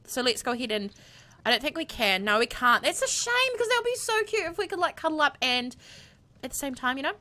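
A high, lively woman doing let's-play commentary into a USB condenser mic. She gushes and squeals in a bright, sharp tone, her pitch leaping all over the place. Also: fairly quick. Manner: bubbly, gushing, squeals with excitement. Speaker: gaming video creator. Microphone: USB condenser microphone.

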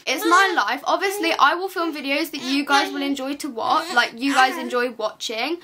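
A woman's voice: sits high, a crowd in the background. Tearful young woman ranting. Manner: tearful, halting, with restarts. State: crying. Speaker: vlogger. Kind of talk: emotional rant to camera.

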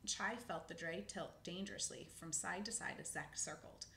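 A woman's voice: on the low side, normal speed, creaky, sharp tone, reverberant, slight background noise. A woman reading a children's book aloud, casual, with spoken asides and self-corrections. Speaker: narrator.

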